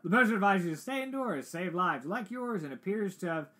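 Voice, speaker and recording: A man's voice: high-pitched, expressive, a little fast, sharp tone. A man streaming a game, reading the on-screen text aloud with jokey asides.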